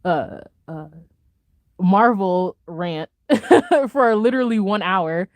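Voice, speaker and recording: A woman's voice: mid-range voice, no echo. Young woman ranting animatedly on stream. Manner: animated, fast-talking rant with frequent laughter and slang. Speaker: live streamer. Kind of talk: casual live-stream rant.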